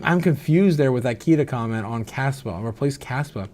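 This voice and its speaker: A man's voice: mid-range voice, expressive, normal speed, darkish tone. A man hosting a livestream who sounds a little tipsy and slightly slurred, chatting loosely with lots of "uh" fillers and frequent laughter. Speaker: crypto livestream host. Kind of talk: casual livestream chat reading viewer comments.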